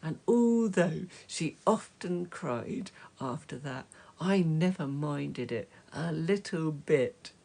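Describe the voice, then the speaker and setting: A woman reading a children's story aloud, slow and gentle, dropping to soft whispers at times. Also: low-pitched, gravelly. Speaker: storybook reader.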